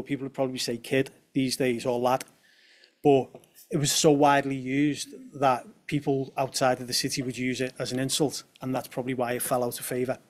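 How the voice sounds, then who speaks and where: A young man from presents a talk to an audience and drops in light humorous asides. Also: medium pitch. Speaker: speaker at a talk on language.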